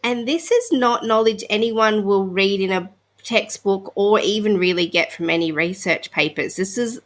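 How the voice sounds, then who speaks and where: A woman's voice: mid-range voice, normal speed. A woman hosting a podcast interview, summing up her guest's work before asking thoughtful questions. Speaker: podcast host.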